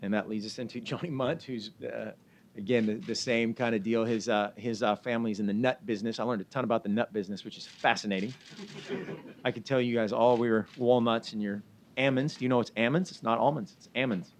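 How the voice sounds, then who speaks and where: A man's voice: medium pitch, fairly even intonation, brisk. A man speaking as a head football coach at a press conference, talking informally and upbeat while heaping praise on recruits.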